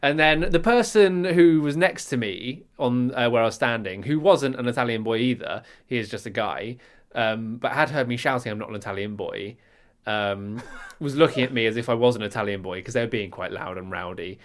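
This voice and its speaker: A young man with an English accent chats on a podcast, spinning a story with dry, deadpan asides. His voice sits at an ordinary middle pitch, and his delivery is relaxed and conversational. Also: normal speed. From England. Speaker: podcast co-host. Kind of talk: casual chat.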